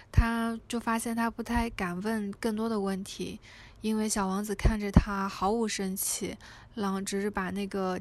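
A woman reading and retelling a storybook aloud, hesitant with frequent fillers and restarts. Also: mid-range voice.

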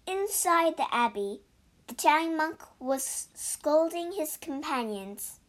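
A woman reading a storybook aloud slowly and clearly for English learners. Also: high voice, expressive. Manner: slow, clear, deliberate.

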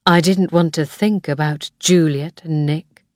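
Slow, low-voiced woman narrator. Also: steady tone, darkish tone, dry recording, studio quality. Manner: slow, clear, measured reading. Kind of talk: scripted audiobook narration.

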